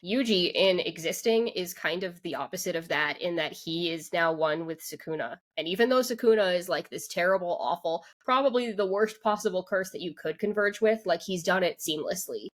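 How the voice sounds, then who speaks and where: A woman's voice: fairly low pitch, normal speed, few pauses. A woman co-hosting a podcast, talking through an anime episode in casual chat with lots of "like" fillers and restarts. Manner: rambling, full of "like" fillers and restarts. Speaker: podcast co-host.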